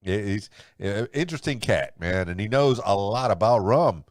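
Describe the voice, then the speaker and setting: A man with a low voice hosts a solo podcast. He rambles and chuckles in a loose, conversational way, and his pitch moves up and down a lot. The sound is close and dry. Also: expressive, normal speed, dry recording. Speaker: podcast host. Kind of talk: solo podcast commentary and news rundown.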